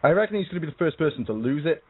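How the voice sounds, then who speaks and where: A man on a radio panel, speculating in a relaxed, casual way. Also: a little high, very fast, slightly rough. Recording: phone-line audio.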